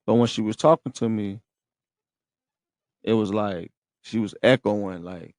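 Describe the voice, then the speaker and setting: A man's voice: lowish voice, a little slow, pauses often, a little mellow, no room sound. A man hosting a podcast, telling listeners a story in slangy, profane casual talk and often checking in with them. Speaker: podcast host. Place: room in a rehab center.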